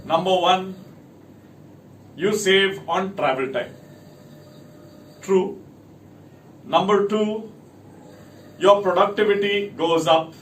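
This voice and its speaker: A man's voice: high-pitched, a bit bright, far from the mic. A man giving a talk to camera, working through a list of points with emphatic delivery. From India. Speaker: company speaker. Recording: echoey room, from off mic, faint noise.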